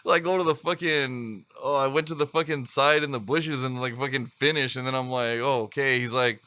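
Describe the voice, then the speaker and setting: Bright-voiced man telling a profane story. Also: medium pitch, steady tone, a little fast. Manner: profane, rambling storyteller who laughs often. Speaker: podcast co-host. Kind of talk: casual chat.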